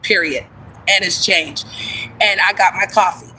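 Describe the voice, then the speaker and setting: A woman with a bright, forceful voice chats casually to her livestream audience through a phone mic. She talks in a loose, animated way and greets viewers as they come in. Her pitch sits in the middle for a woman, and faint ambient noise is heard behind her. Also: a little slow, poor audio. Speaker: livestream host.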